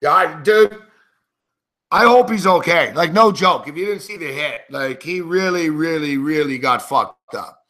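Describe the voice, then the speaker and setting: A man's voice: on the high side, measured pace, pushed and bright. A man hosting a sports betting show, giving live game commentary in an angry, profane, indignant rant.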